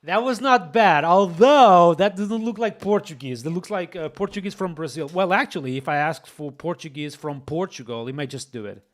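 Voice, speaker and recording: A man streams himself coding and keeps up a running commentary to his viewers. His voice sits a little high and swoops all over the place. He is excitable and often breaks into exclamations. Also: moderate pace, few pauses. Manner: excitable, exclaiming, talks to chat. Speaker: streamer, host.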